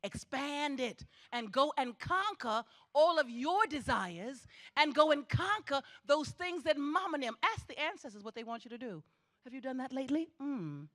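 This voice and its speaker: Middle-aged woman, commencement speaker, high and bright, preacher's cadence, hammers her points by repeating them. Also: big pitch swings, moderate pace. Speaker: graduation ceremony speaker. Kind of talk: spirited commencement address. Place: theatre stage.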